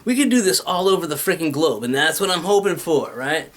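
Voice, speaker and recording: A man's voice: a little high, lively intonation, brisk, a bit bright. A man in a casual, rambling rant, swearing often and restlessly jumping between ideas. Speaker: vlogger pitching his venture.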